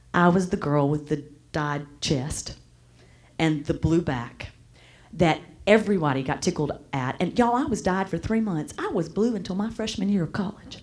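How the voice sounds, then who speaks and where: A woman, speaking as a motivational speaker and telling a story to a live audience with lively, animated turns between loud and soft. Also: on the low side.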